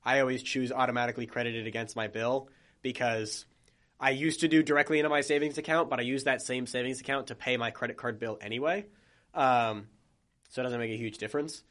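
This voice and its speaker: This is a young man in casual podcast chat, talking at an ordinary mid pitch. He rambles from point to point, joking and padding his talk with plenty of "like" fillers. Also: steady tone, fairly quick, fairly bright tone. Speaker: podcast co-host.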